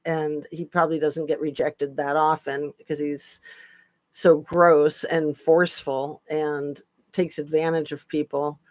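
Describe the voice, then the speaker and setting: A woman's voice: low voice, little pitch movement, unhurried, dry recording. A woman hosting a casual live-stream chat, chatty with sarcastic asides. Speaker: channel host.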